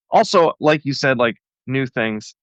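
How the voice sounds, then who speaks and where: A man's voice: mid-range voice, animated, slow pace, a bit bright, no room sound, dull audio. Enthusiastic man rambling about his craft. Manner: enthusiastic, rambling with many fillers. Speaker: guest cartoonist. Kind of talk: casual podcast interview.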